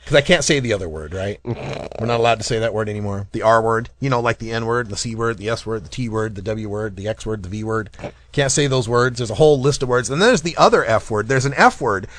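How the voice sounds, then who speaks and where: A man's voice: lowish voice, fast, a bit bright. A man hosting a casual cannabis talk radio show, rambling and jokey, laughing often. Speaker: podcast host.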